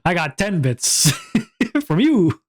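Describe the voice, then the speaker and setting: Slow-talking playful male streamer. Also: high-pitched, huge pitch swings. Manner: playful mock-outrage, rambling and stammering; loud, rowdy bursts of laughter. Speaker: VTuber streamer. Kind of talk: casual chat stream.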